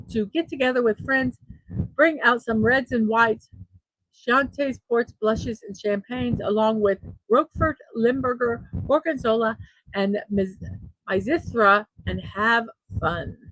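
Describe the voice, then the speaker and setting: A woman's voice: on the high side, slow pace, fairly bright tone, dry recording, poor audio. A middle-aged woman hosting a daily morning show, chatting casually and laughing at her own jokes. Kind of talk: casual solo show, reading memes aloud.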